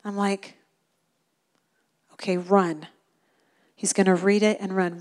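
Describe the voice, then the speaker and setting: A woman's voice: medium pitch, takes it slowly, pauses often, a little mellow. A middle-aged woman preaching a sermon in an earnest, emphatic way, repeating phrases for stress.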